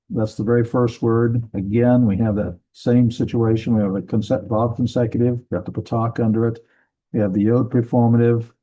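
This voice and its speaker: A man teaching a slow classroom lesson, thinking aloud and correcting himself as he goes. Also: lowish voice, dark tone, rough recording. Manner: deliberate, thinking aloud with many ums and self-corrections. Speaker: Bible language teacher. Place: church classroom.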